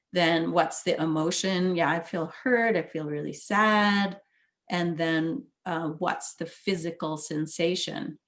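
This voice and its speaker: A woman guest speaks as a therapist, walking the listener through ideas in a soft, soothing manner. Her voice is slightly low, and she laughs easily between thoughts. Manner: gentle, soothing, explanatory. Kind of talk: casual conversation.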